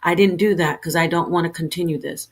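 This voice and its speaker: Woman, lowish voice, livestream rant, heated, defensive, rambling, restarts mid-sentence. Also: steady tone, fairly quick, slightly rough. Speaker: streamer. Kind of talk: unscripted livestream rant to camera.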